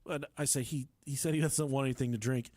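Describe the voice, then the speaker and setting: A young man telling a story on a podcast, profane and animated, laughing through it. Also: mid-range voice, fast, dry recording. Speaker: podcast co-host.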